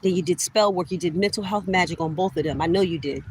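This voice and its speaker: A woman's voice: lowish voice, quick pace, a little mellow, slight background noise, low-quality recording. A middle-aged woman ranting straight to camera in an accusatory, heated way, repeating herself for emphasis and addressing listeners as y'all. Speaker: vlogger. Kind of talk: direct-to-camera rant.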